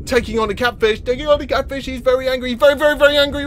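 A young man giving excitable gameplay commentary, often yelling and laughing. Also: extremely high pitch, fast talker, a little hiss or hum. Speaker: gaming video host.

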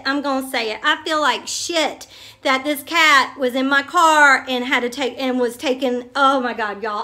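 A middle-aged woman tells a story to the camera in a chatty, excitable vlog, swearing casually and calling her viewers y'all. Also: high voice. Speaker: vlogger.

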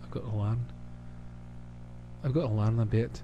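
A man from the United States chatting casually with hesitant pauses as the host of his own channel. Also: lowish voice, fairly even intonation, highs cut off, a little hiss or hum. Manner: rambling, hesitant, full of pauses. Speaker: channel host answering questions. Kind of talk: casual recorded chat.

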